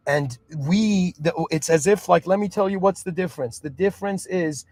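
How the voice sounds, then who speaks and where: Casting: earnest man, slightly high voice, reflective monologue, frequent restarts, dry mic. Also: normal speed, a little mellow, dry recording. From moved to Canada at seven. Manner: earnest, restarts often, asks "do you understand?". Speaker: podcast host.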